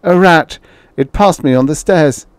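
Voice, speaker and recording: A man's voice: on the high side, normal speed, mellow, no room sound, voice pushed up, lightly acted. A man voicing a terrified old husband who speaks in shaking, fearful tones.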